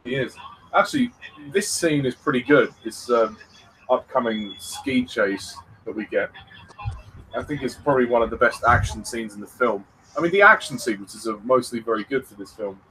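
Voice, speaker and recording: A man's voice: medium pitch, expressive, normal speed, sharp tone, slight background noise, poor audio. A man casually commentating on a film, easygoing and agreeable. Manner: easygoing, agreeable, laughs often.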